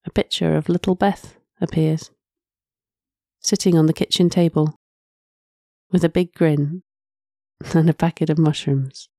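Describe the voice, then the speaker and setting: Mellow woman narrating a story. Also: deep voice, steady tone, unhurried, pauses often, dry recording, clean studio sound. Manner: soft, reflective, with frequent sighs. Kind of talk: first-person story narration.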